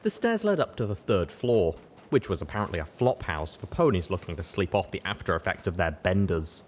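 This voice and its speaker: A man reading a fan fiction story aloud with expressive narration. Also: low voice, a little hiss or hum. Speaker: audiobook reader.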